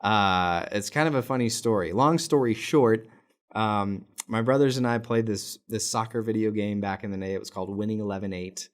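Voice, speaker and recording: A man's voice: lowish voice, moderate pace. An American man in his thirties hosting a fan channel, talking casually to camera with lots of filler words. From United States. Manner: chatty and rambling, many filler words.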